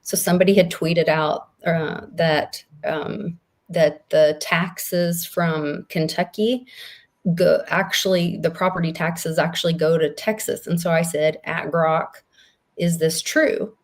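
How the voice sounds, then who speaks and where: Slow-talking woman telling a story. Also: on the low side, steady tone. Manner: unhurried storytelling with fillers. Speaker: co-host. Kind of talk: casual chat.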